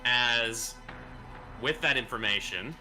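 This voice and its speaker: A man narrating as game master of a tabletop game, measured, repeating phrases as he goes. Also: medium pitch, pushed and bright, faint music behind.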